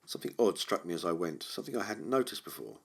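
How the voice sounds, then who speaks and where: A man with a deep, low voice reads horror fiction aloud in a measured, brooding tone. His delivery rises and falls expressively, lingering over dark details. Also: expressive, creaky, slightly rough. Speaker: audiobook reader. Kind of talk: horror audiobook narration.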